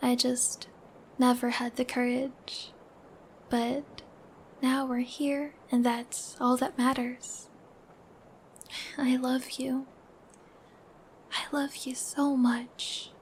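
A young woman acts out a bashful, smitten girlfriend in a whispered role-play, her high voice drifting in and out of breathy whispers. She giggles between thoughts and babbles tenderly, and she takes her time with every word. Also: level tone, takes it slowly, a little hiss or hum. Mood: shy, tender. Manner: giggly, babbling, soft and affectionate. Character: shy giggly young woman, newly in love.

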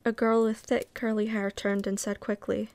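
A woman reading a novel aloud casually, relaxed and unpolished, sometimes stopping to comment. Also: mid-range voice, normal speed, creaky, no room sound. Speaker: reader.

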